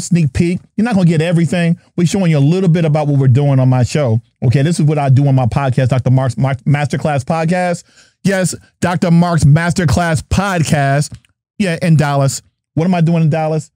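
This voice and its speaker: A middle-aged man from New Jersey hosts a podcast with playful banter and plenty of hype. His voice sits a little high for a man, with a mellow, darker tone. The sound is dry and close, with no room around it. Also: a little fast, no room sound. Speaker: podcast host. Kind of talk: lively podcast chat.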